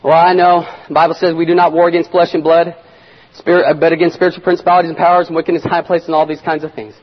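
A man preaches in a dramatic sermon, moving from loud bursts down to near-whispers. His voice sits high for a man and sounds husky. The sound is muffled and lo-fi, with a long echo from the hall. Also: little pitch movement, rapid-fire. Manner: dramatic, acts out scenes, swings between shouts and near-whispers. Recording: echoey hall, dull lo-fi sound.

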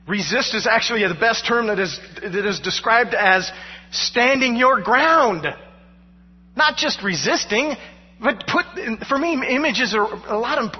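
A male pastor preaching a sermon through personal stories, animated and poking fun at himself with frequent laughter. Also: sits high, slightly rough. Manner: animated, self-mocking, laughing between lines. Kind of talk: storytelling sermon. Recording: dull sound with long hall reverb.

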